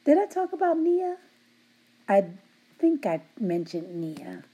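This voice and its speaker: A middle-aged woman who supervises a work team, giving them affectionate shout-outs and teasing them while laughing often. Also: fairly high pitch, very animated, slow, husky.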